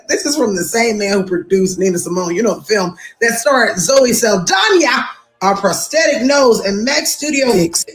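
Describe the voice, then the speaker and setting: A woman hosting a commentary video, sounding lively, incredulous and sarcastic. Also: mid-range voice, echoey room, poor audio. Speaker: host.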